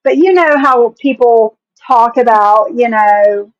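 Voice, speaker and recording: A woman's voice: fairly high pitch, takes it slowly, dry recording, lo-fi sound. A woman from West Virginia with a country accent, giving blunt, casual commentary on a stream and swearing freely.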